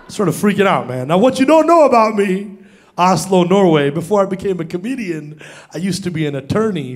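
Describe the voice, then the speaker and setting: A young man performing an animated stand-up comedy routine on stage, acting out voices as he tells a story. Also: high voice, fast talker. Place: stage before a live audience.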